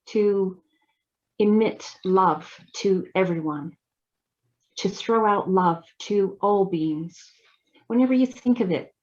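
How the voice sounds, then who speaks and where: Father God, slow and gentle, channeled by a woman. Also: mid-range voice, dull audio, close to an everyday voice. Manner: slow, halting, gentle blessing. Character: Father God, loving divine father spirit. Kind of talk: trance channeling.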